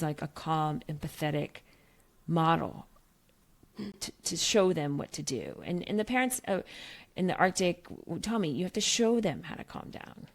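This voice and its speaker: A middle-aged woman with a slightly low voice talks through her ideas in a podcast conversation. She thinks aloud, restarts her sentences often and keeps tossing in "right?" and "you know" along the way. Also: creaky. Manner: animated, thinking aloud with many restarts and tag questions. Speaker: guest author.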